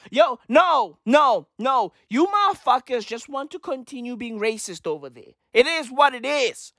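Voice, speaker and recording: Slow, swearing man ranting on a podcast. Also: very high-pitched, big pitch swings, a bit bright, no echo, clean studio sound. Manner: emphatic, repetitive, heavy swearing. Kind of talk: profane ranting commentary.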